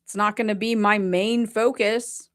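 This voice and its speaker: A woman's voice: mid-range voice, steady tone, unhurried. A woman hosting a casual reaction commentary, talking bluntly and defiantly with plenty of swearing. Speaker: host.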